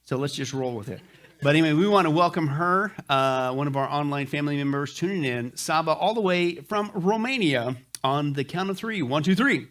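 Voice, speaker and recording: Folksy pastor with a higher voice. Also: male voice, a little fast, fairly bright tone. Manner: jokey, folksy, frequent "uh" fillers. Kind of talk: church announcements to a live congregation. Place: church sanctuary.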